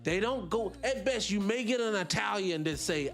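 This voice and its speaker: High-voiced man ranting on radio. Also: moderate pace, soft background music. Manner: animated, rhetorical, preachy, repeats points. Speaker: radio show host. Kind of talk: opinionated solo radio talk.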